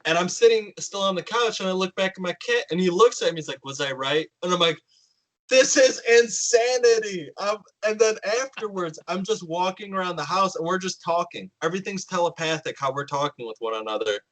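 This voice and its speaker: Man, podcast host, animated storyteller, bright forceful voice, slightly high pitch. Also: quick pace, few pauses, low-quality recording. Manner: animated storyteller, acts out quotes, swears often. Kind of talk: casual storytelling chat.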